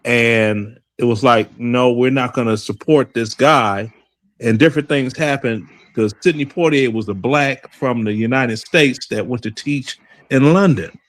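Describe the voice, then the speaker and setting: A man's voice: medium pitch, a little slow, no echo. A man hosting a casual group conversation, telling stories and acting out the voices of the people in them. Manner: animated storytelling, acts out quoted voices.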